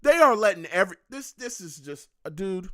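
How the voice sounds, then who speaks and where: A man's voice: sits high, big pitch swings, fairly quick, bright, forceful tone, dry recording. A man hosting a live football game reaction stream, groaning and exasperated as he reacts and reads chat comments.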